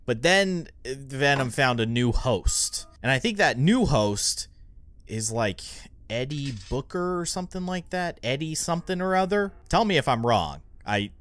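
A man's voice: mid-range voice, expressive, unhurried, fairly bright tone. A young man hosting a gaming channel, rambling through let's play commentary and getting easily spooked.

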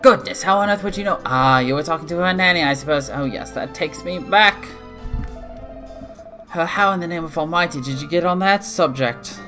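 A man voicing a gentle, retired old toy maker who speaks in a kindly, fussing way, in a bright tone. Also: on the high side, moderate pace, soft background music.

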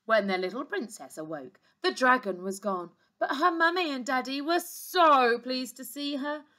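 A woman teacher reading a storybook aloud to young children, expressive, with gentle asides to her listeners. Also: sits high, normal speed. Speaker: reception class teacher.

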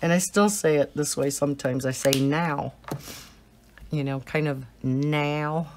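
A woman's voice: a bass voice, brisk, a little mellow, slight background noise. A middle-aged American woman with a slight Southern twang and a cold, chatting and giggling as she tells stories while coloring. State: has a cold. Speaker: coloring channel host. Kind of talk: casual chat while coloring.

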